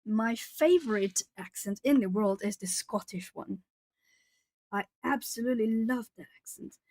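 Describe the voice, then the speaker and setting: A woman's voice: mid-range voice, a little mellow, no room sound. Thirtysomething lady w/ a mixed british-ish accent chatting on her art stream, goes off on tangents, pretty dry mic. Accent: hard-to-place English accent, British-tinged. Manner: chatty, rambling, laughs often, self-corrects. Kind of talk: casual livestream chat while drawing.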